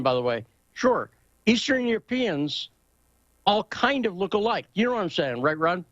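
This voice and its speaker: A man's voice: high-pitched, a bit bright, no echo, muffled recording. A man hosting a casual talk show, telling stories in a rambling way and often asking whether his point makes sense. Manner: rambling, anecdotal, asks for agreement. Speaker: host.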